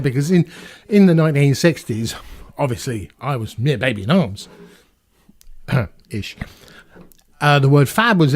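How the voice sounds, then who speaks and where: A man in his fifties from England hosts a loose Q&A vlog with chatty, rambling talk and self-mocking jokes. His voice sits a little high for a man. The sound is close and dry, with hardly any room in it. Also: a little mellow, dry recording. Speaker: YouTube channel host. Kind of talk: casual Q&A vlog. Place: small home studio in France.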